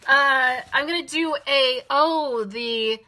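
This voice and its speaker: A woman's voice: sits high, slow pace, pushed and bright. A woman hosting a live card-making stream, chatting casually and greeting viewers by name. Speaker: card-making livestream host.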